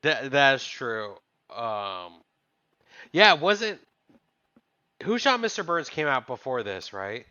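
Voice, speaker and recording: A young man co-hosting a podcast in casual chat, musing and reminiscing in a relaxed, hedging way. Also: mid-range voice, takes it slowly, pauses often, clear, resonant tone, no echo, highs cut off. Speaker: podcast co-host.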